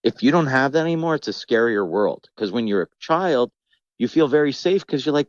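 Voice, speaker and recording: A man's voice: mid-range voice, lively intonation, fairly quick, no echo, highs cut off. A middle-aged man, a comedian, speaking candidly in a podcast conversation, reflective and rambling, acting out quoted voices. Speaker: comedian guest.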